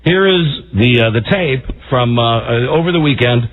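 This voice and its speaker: A man hosting a talk radio show, emphatic and indignant, with a husky voice. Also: mid-range voice, expressive, moderate pace. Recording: tinny phone-like radio audio.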